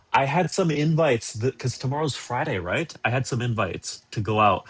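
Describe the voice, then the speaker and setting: A young man with a slightly husky voice at a middle pitch, talking loosely on a livestream from a hotel room. He rambles and cracks self-deprecating, sarcastic jokes, swears freely and answers chat as he goes. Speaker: streamer. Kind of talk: casual livestream chat reading viewer messages.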